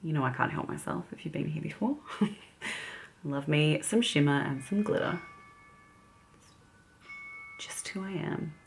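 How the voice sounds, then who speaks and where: A woman's voice: low-pitched, a little slow, gravelly, pauses often, a little hiss or hum. An Australian woman chatting casually as a beauty vlogger while doing her makeup, giggling often. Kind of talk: casual get-ready-with-me chat.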